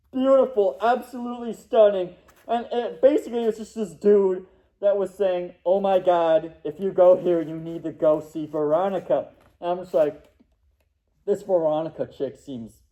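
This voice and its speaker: High-voiced young man telling a story. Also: warm tone, lo-fi sound. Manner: rambling, laughing, acts out quotes. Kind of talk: casual storytelling.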